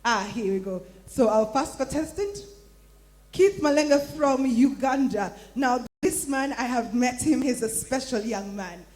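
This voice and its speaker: A woman hosting a live poetry event, announcing with lively enthusiasm. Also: on the high side, measured pace. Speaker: event host. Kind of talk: hyping up a live crowd.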